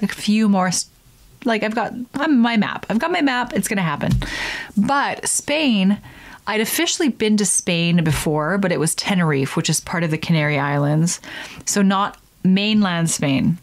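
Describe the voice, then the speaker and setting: A young woman chats casually as the host of her own podcast. She is animated and talkative, and she drops into silly voices when she quotes people. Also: mid-range voice, normal speed. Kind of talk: casual solo podcast chat.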